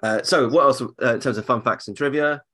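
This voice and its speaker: A man's voice: medium pitch, fairly quick, bright, forceful tone. Man co-hosting a jokey podcast. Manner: jokey, puts on silly voices for laughs. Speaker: podcast co-host. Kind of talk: casual podcast chat.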